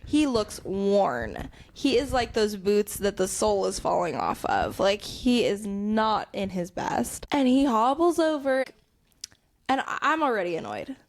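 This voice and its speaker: A young adult woman co-hosting a podcast, telling a story in casual chat with animated, sarcastic energy. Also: mid-range voice, a little slow. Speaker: podcast co-host.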